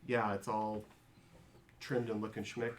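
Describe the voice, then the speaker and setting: A man's voice: on the low side, little pitch movement, a little slow, slight background noise. A man narrating a tabletop game as game master, describing scenes with many fillers and restarts.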